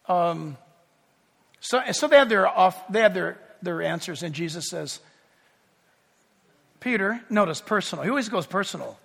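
A male pastor preaches in a high, bright voice that carries through a reverberant church hall. He is animated, raising his voice to act out shouting crowds and joking with the congregation. The sound has a long echo from the sanctuary. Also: moderate pace, creaky, long pauses. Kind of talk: sermon.

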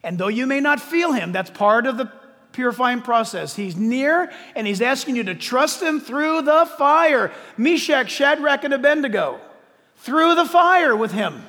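A man's voice: extremely high pitch, expressive, unhurried, a bit bright, in a large hall. A man preaching a sermon, emphatic and repeating key words for stress. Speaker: pastor.

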